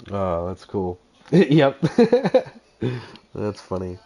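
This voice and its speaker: A man's voice: lowish voice, dark tone. Laid-back, chatty man streaming a game. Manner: laughs often, chatty and joking. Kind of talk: casual livestream chat and gameplay commentary.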